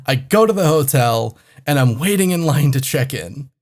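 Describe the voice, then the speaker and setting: A man's voice: mid-range voice, expressive, normal speed, a little mellow. A man co-hosting a comedy podcast, telling a travel story in a rambling, profane, exasperated way. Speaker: podcast co-host.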